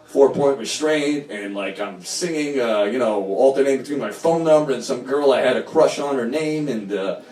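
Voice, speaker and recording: A middle-aged man telling a long first-person story at a live storytelling night, rambling and profane, jumping from loud, animated bursts to low mumbles. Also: moderate pace, few pauses, far from the mic. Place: small bar venue with live audience. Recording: echoey room, voice picked up from afar.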